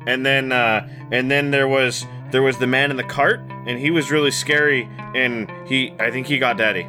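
A man voicing a blunt, excitable young girl who rambles in halting, childish bursts. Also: mid-range voice, over music, natural voice. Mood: nervous.

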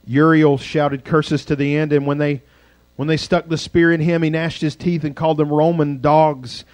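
A man's voice: a little high, flat delivery, normal speed, dry recording. Dramatic storytelling male pastor. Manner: dramatic, swings from loud to hushed. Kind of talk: storytelling sermon.

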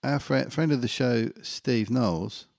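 A man's voice: medium pitch, a little slow, vocal fry, no room sound, clean studio sound. A man co-hosting a podcast, chatting casually in an easygoing way. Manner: easygoing, relaxed, says "mate". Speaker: podcast co-host. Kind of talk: casual chat.

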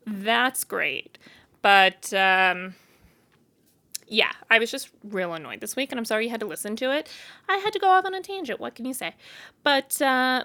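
A woman's voice: on the high side, sharp tone. A woman hosting her own show, talking casually and bluntly, candid and exasperated as she vents. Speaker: podcast host. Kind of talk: casual solo venting.

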